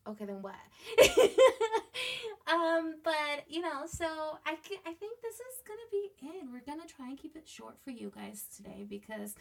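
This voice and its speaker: A woman co-hosts a casual podcast, talking bluntly and swearing freely. Her voice sits a little high and carries a gravelly fry. She laughs often between thoughts. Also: sing-song, normal speed, hardly any pauses, a bit bright. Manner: frank and profane, laughs often. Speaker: podcast co-host. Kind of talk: casual chat.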